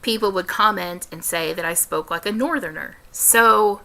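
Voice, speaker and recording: A young adult woman with a light Midwestern American accent, answering questions in a casual vlog with careful, deliberate diction and frequent restarts. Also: medium pitch, vocal fry, pushed and bright. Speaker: vlogger.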